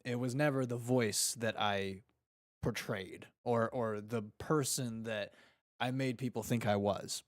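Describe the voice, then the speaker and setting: Slangy, animated podcast host man. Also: medium pitch, unhurried, no echo, studio quality. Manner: slangy and animated, fond of "dude" and "freaking". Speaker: podcast host reading live chat. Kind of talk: casual chat.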